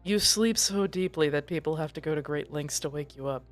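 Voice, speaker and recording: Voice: medium pitch, a little fast, soft background music. A tabletop game player describing their character's actions in a playful, giggly way. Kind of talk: in-character tabletop play, casual chat.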